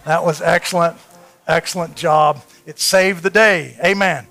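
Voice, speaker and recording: A man preaching a sermon in a church. He tells a story and builds to loud, fervent peaks. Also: fairly high pitch, fairly even intonation, a little slow, vocal fry. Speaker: pastor. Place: church sanctuary.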